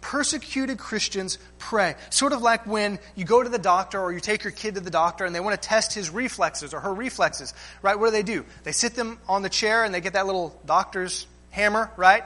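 A pastor delivers a sermon in a high voice. His tone is bright and ringing, and he leans on rhetorical questions, checking in with "right?" and addressing the listeners as friends. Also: fairly quick, few pauses.

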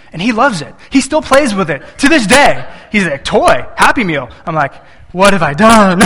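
A man's voice: sits high, pushed and bright, long reverb tail. A man in his thirties preaching a sermon, telling family stories and acting out little voices when he quotes his son and wife. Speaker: pastor.

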